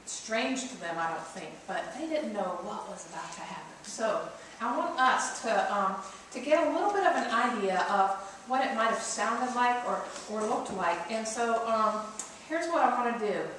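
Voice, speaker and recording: A woman pastor leads her congregation in a playful, interactive sermon, teasing them into taking part. Her slightly high voice reaches the mic from a distance, washed in the heavy echo of the church. A clear layer of noise sits beneath it. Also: expressive, moderate pace, hardly any pauses, a bit bright. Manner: playful, coaxing congregation to join in. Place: church sanctuary. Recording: echoey church recorded from far off, noisy.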